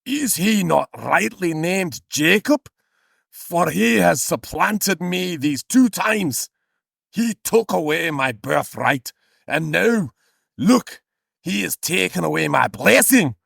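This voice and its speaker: A wounded, pleading hunter son with a mock Scottish lilt, as a man puts him on. The voice sits a good deal higher than a normal speaking voice and swings widely in pitch, reading each line with theatrical heartbreak. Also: sing-song, takes it slowly, vocal fry, a bit bright, breathy edge, no room sound, studio quality, full character voice. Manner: theatrical, overwrought scripture reading. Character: aggrieved adult male hunter, pleading son.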